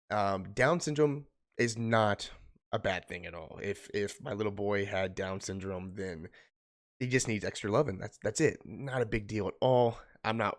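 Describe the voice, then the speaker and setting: A young man streaming from home, telling an emotional personal story in a halting way, holding back tears. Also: on the low side. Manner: halting, restarting, choked up.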